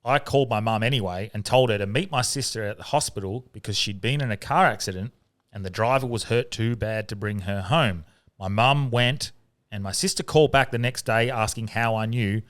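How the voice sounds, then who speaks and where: A relaxed man with a fairly low voice, co-hosting a podcast. He reads listener stories aloud in a low, even tone, with easy, sweary banter in between. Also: a little fast. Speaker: podcast co-host. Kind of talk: casual chat, reading listener stories aloud.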